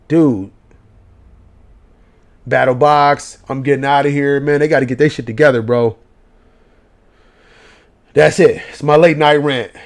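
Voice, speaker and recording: A man, giving a profane late-night rant as a gaming vlogger. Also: on the high side. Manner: profane, animated ranting in slang.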